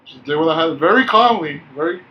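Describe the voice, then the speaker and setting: A man with a slightly high voice tells stories from work in relaxed, profane chat. He acts out the lines of the people in them. The recording sounds dull and a little lo-fi. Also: fast talker. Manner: loose, profane storytelling with acted-out quotes. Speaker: podcast co-host. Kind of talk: casual chat. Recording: dull lo-fi sound with faint background hiss.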